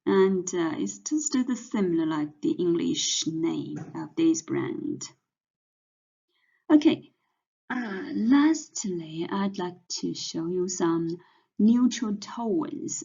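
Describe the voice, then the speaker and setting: A woman with a Mandarin Chinese accent, a native Chinese speaker, teaching a language lesson in a slow, hesitant way with many fillers. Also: fairly low pitch, creaky, dark tone, husky. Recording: dull lo-fi audio.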